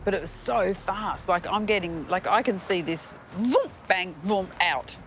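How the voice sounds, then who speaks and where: A woman psychic, describing her impressions in halting, searching speech. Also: mid-range voice, fairly bright tone.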